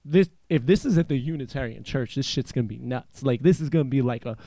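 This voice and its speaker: A man's voice: mid-range voice, quick pace, warm tone, dry recording. A man from eastern Pennsylvania hosting a casual chat show, telling stories in a rambling, profane way with lots of filler words. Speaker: podcast host.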